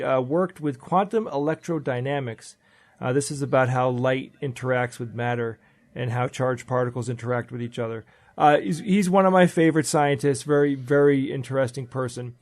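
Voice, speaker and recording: A man's voice: medium pitch, darkish tone. A man in a casual panel chat, telling a story in a friendly, chatty way.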